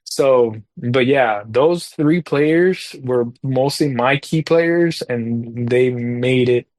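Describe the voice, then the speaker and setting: A man talking as a podcast guest in a casual chat, rambling through a story with lots of fillers and getting animated over his frustrations. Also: mid-range voice, very slow, no echo. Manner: animated when recalling frustrations.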